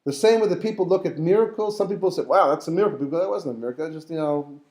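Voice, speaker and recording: Rabbi guy teaching a torah class, mellow voice, acts out the story, echoey room. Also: on the high side, rapid-fire. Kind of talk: lively Torah class lecture.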